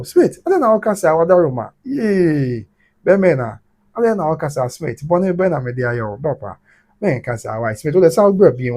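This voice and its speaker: Husky, fast-talking Ghanaian man streaming live. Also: medium pitch, darkish tone. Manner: switches between Twi and English, laughs often. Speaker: live-stream host reading viewer comments. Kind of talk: casual live-stream commentary.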